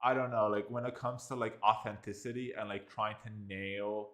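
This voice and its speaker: An Irish man giving a casual spoken software review, rambling with constant fillers and restarts. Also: lowish voice, fairly even intonation, moderate pace. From Ireland.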